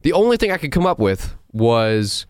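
A man hosting a movie review show, ranting in an animated, sarcastic and incredulous way. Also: medium pitch, normal speed, smooth, dry recording, studio quality. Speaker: host.

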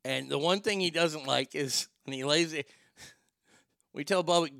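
Bright, joking man streaming live. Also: on the high side, measured pace, creaky, no echo, studio quality. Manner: joking, profane, rambling. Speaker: livestream host. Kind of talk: casual livestream chat. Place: home studio.

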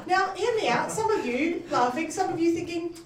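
A woman's voice: very high-pitched, animated, measured pace, a crowd in the background. A woman doing a chatty, self-mocking stand-up comedy set, laughing at her own jokes. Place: comedy club stage. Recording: roomy, distant live venue mic with faint ambience.

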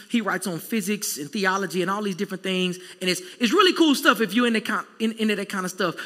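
Bright, high-voiced preacher in a reverberant hall. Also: male voice. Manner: conversational preaching, rising to emphatic peaks. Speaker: pastor. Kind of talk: sermon.

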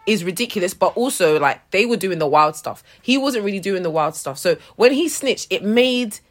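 A woman with a mid-pitched voice, talking through a story in relaxed podcast banter. She is animated and slangy, checking in with her co-hosts as she goes. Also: moderate pace. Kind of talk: casual banter.

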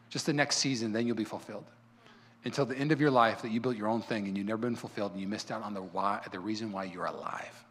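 A male pastor preaching a sermon in a fervent, fired-up manner with quick repeats. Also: mid-range voice.

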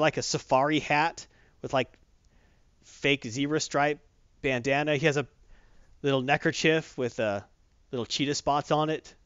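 A man casually recapping a comic book, animated and rambling, correcting himself as he goes. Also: a little high, smooth, no echo, muffled recording.

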